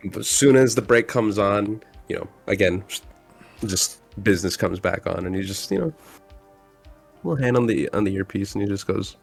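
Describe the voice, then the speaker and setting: A man playing a tabletop game, speaking in a laid-back, halting way. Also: on the low side, animated, vocal fry, husky, soft background music. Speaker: player. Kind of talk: casual tabletop role-play.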